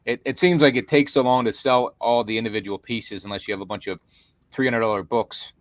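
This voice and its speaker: A man co-hosting a casual interview, talking in a halting way with repeated words. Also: mid-range voice, fairly even intonation, dry recording. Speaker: podcast co-host.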